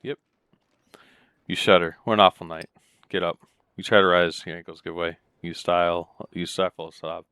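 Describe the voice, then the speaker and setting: Low-voiced, relaxed man narrating a game playthrough, reading game text aloud between muttered asides; clear tone. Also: moderate pace, pauses often, no room sound. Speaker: let's play gamer.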